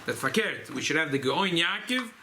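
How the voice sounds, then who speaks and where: A rabbi, speaking informally at a farbrengen gathering, often repeating and restarting phrases. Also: male voice, on the high side, very animated, moderate pace, sharp tone, a little hiss or hum, low-quality recording. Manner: repetitive, restarts phrases, mixes Yiddish and Hebrew terms. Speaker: rabbi giving a farbrengen talk. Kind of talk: informal Chassidic talk at a gathering.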